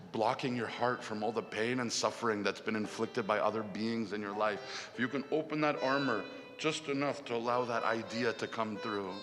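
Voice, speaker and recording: A man giving a heartfelt spiritual talk, telling a parable slowly and tearfully, with long pauses. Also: fairly low pitch. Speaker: speaker at a devotional music festival. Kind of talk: emotional spiritual talk with a first-person parable. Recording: long hall reverb with music behind.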